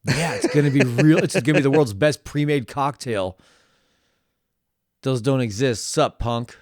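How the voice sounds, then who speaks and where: A man's voice: mid-range voice, normal speed, a little mellow, no room sound, studio quality. A man co-hosting a podcast in casual chat, goofy and riffing, putting on silly voices for bits. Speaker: podcast co-host.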